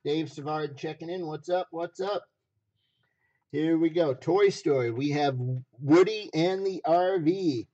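A hoarse man running a live stream auction, repeating phrases as he hypes each item from a basement room. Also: fairly high pitch, measured pace, dark tone, lo-fi sound.

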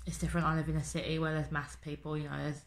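Low, gravelly woman vlogging. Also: little pitch movement, racing. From England. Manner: sweary, chatty, rhetorical tags. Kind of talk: casual video diary. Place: home in the city.

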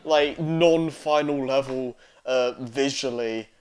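A man's voice: mid-range voice, takes it slowly, clear, resonant tone. Rambling young man on game commentary. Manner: rambling, many fillers and restarts. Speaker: let's play host. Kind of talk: casual gameplay commentary. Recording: faint game music behind.

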